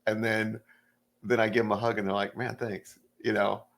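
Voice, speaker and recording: Middle-aged man, gravelly, fairly low voice, relaxed storytelling, casual podcast chat. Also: a little fast. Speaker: stand-up comedian, guest.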